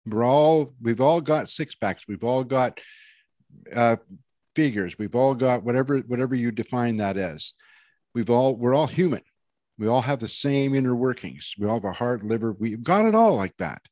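A man's voice: mid-range voice, lively intonation, moderate pace, darkish tone, no echo. A man in casual conversation, earnest and meandering, restarting his thoughts often as he explains how he reads people. His voice sits in the middle of the male range and is recorded dry and close. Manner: rambling, many restarts, earnest. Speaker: intuitive reader. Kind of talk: casual panel chat, giving a reading.

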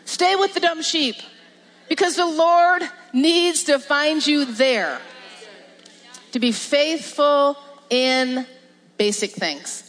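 Woman pastor preaching, high voice, big echoey church hall. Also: slow pace, pauses often. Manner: lively, emphatic preaching with laughs and repetition. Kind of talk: sermon. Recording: long reverb of a large hall.

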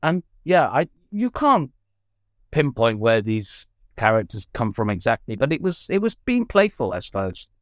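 A male actor and writer being interviewed, talking thoughtfully with frequent ums and lively swings in pitch. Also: moderate pace, no room sound, studio quality. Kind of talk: casual interview chat.

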